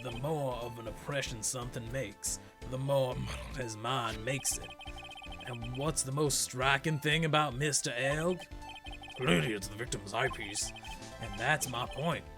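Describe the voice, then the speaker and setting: Man doing a cool prosecutor, brooding, dramatic pauses. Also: medium pitch, natural voice. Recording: game music behind the voice.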